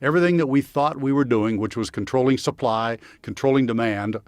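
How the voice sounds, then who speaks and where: A man, a sheriff speaking calmly and matter-of-factly as a podcast guest. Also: mid-range voice, a little fast, dry recording. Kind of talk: podcast interview. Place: studio.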